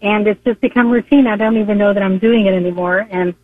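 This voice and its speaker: A woman's voice: medium pitch, fairly even intonation, no room sound. Earnest woman caller on a tinny phone line. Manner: earnest, halting, with fillers. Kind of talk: phone-in call to a radio show.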